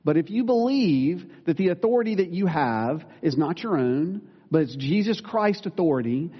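A male pastor preaching a sermon, earnest and plain-spoken, with self-deprecating asides and quick corrections of himself. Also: a little high, breathy edge. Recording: dull sound with long reverb in a large room.

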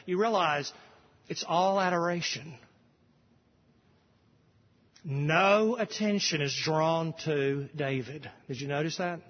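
A male pastor preaching a sermon, slow and emphatic, with repeated phrases and sudden bursts of emphasis. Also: a little high. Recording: dull lo-fi audio with long hall reverb.

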